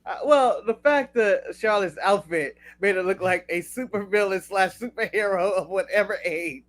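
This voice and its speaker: A man's voice: high voice, moderate pace, fairly bright tone. A man from the United States co-hosting a wrestling podcast, talking bluntly in casual chat, swearing freely and laughing at his own jokes. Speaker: podcast co-host.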